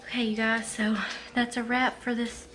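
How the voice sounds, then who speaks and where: A woman's voice: fairly high pitch, little pitch movement, moderate pace, over loud music, low-quality recording. A woman vlogging at home, out of breath and chatting in a rambling way with many ums and likes. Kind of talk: casual talk to camera. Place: at home, living room or kitchen.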